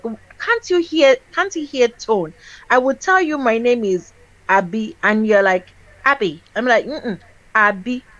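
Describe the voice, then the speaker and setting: A high-voiced woman with a Nigerian accent, speaking animatedly as a co-host of a casual discussion show and laughing often. The sound is dull and slightly muffled, and very dry, with no room echo. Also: fairly bright tone.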